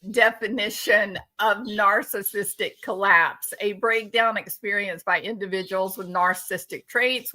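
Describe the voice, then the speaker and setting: Slow, bright-voiced scornful woman. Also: mid-range voice. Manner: heated, scornful ranting. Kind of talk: live-stream commentary.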